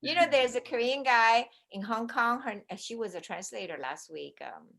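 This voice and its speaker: A woman co-hosting a casual video-call interview, chatty and telling stories with quick asides. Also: fairly high pitch, vocal fry, a bit bright. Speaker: co-host, interviewer.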